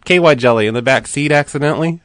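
A man making prank phone calls, keeping an innocent, deadpan tone while needling the people he calls. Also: a little high, fast talker, no room sound. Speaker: prank caller.

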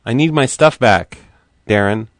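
A man making prank phone calls, keeping an innocent, deadpan tone while needling the people he calls. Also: mid-range voice, unhurried, dry recording. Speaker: prank caller.

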